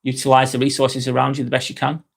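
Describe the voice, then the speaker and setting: This Northwest England streamer speaks quickly in a flat, mid-range monotone with vocal fry. Hosting a casual live vlog in his Lancashire accent, he reads viewer comments, swears freely, and often restarts his sentences.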